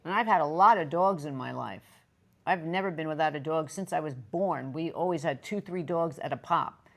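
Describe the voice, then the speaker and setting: Co-hosting a relationship talk show, a woman with a low voice chats candidly at a moderate pace. She often breaks off mid-thought as the casual conversation goes on.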